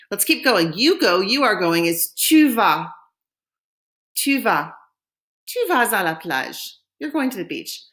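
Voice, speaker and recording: A woman recording a French lesson, pronouncing phrases slowly and clearly so learners can repeat them. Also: mid-range voice, a bit bright. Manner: slow, clear modeling of French phrases for repetition. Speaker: French teacher.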